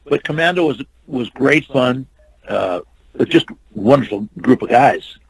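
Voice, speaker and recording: A man's voice: mid-range voice, expressive, unhurried, vocal fry, slightly rough, rough recording. An older man, a stuntman and actor, telling long rambling anecdotes in a casual interview, full of restarts and quoted dialogue. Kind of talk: casual storytelling.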